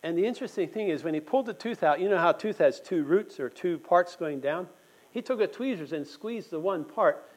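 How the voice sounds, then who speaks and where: Man preaching to a meeting, earnest, pitch jumps all over, kinda high for a guy. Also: a little mellow, poor audio. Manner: earnest, asks the audience questions. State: just had a tooth pulled. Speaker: church speaker. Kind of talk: conversational sermon.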